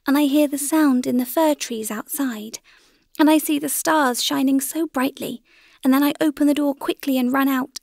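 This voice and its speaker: A woman's voice: sits high, gravelly, a little mellow, dry recording, studio quality, pitched above the performer's own voice. A woman voicing a frightened, homesick little girl in an audiobook, speaking small, trembling and earnest. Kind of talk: audiobook character reading.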